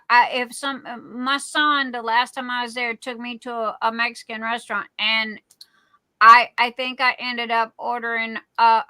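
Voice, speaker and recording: A woman's voice: a little high, pushed and bright, clear, resonant tone, no room sound, low-quality recording. A middle-aged woman with a Cajun accent chatting casually as a livestream host, rambling with many fillers and restarts. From Louisiana. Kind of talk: casual live chat.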